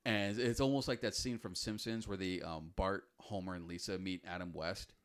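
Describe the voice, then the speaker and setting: A young man co-hosts a podcast, chatting casually and rambling with plenty of fillers and restarts. His voice is low-pitched, steady and clean, at normal speed.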